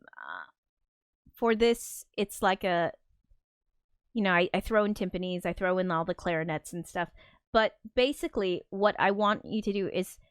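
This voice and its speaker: A woman's voice: lowish voice, clear, resonant tone, no echo. Rambling woman livestreamer, dry close sound. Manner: rambling, many fillers and restarts. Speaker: streamer discussing her film score. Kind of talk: casual livestream talk.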